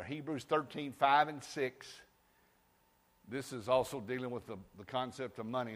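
A man preaching a sermon, firing rhetorical questions and rising to shouts. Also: medium pitch, in a large hall. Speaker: pastor. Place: church sanctuary.

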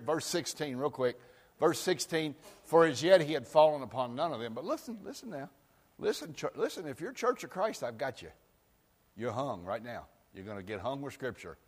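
A man preaching a sermon in a folksy way, moving from loud outbursts to quiet asides. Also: a little high, big pitch swings, moderate pace, in a large hall. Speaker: pastor.

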